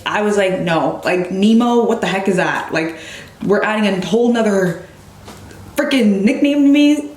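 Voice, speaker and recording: A young woman tells stories to her channel in a relaxed, lively way and acts out other people's lines. Her voice sits in an ordinary middle range. The recording carries a noticeable room echo. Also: mid-range voice. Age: young adult. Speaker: vlogger. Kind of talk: casual storytelling to camera. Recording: echoey room.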